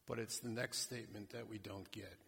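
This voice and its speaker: A man preaching a sermon slowly and emphatically, addressing a congregation. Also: fairly low pitch, steady tone, creaky, pushed and bright, slightly rough. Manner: slow, deliberate, emphatic preaching. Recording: long hall reverb.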